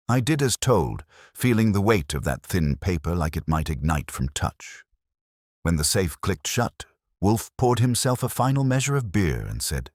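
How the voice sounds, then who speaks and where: A man with a very deep, husky voice narrates a first-person mystery in a wry, conversational way. His pitch moves in lively rises and falls, and the sound is close and dry. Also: normal speed, dry recording.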